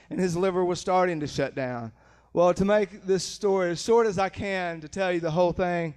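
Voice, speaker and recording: A man's voice: sits high, clean tone. A man giving a personal Christian testimony, telling the story in an earnest, plain-spoken way, acting out quotes vividly and repeating words when moved. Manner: vivid, dramatic retelling with acted quotes.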